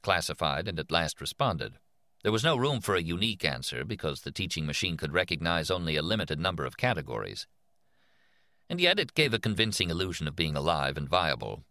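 A man narrating an audiobook in a measured, expressive reading voice. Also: low voice, no room sound, clean studio sound.

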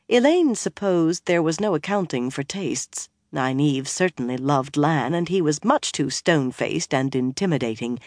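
An audiobook narrator reading a fantasy novel in an even, measured storytelling voice. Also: mid-range voice, no echo, clean studio sound.

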